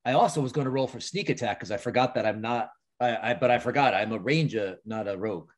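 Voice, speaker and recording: A man's voice: medium pitch, fast. Easygoing male player, mid-range voice, self-deprecating humor. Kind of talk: casual tabletop play.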